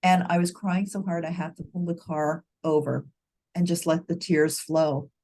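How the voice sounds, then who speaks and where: A woman's voice: on the low side, fairly even intonation, normal speed, darkish tone. A woman co-hosting a heartfelt conversation, telling a personal story earnestly and restarting her sentences often. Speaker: grief educator, co-host. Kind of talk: reflective conversation.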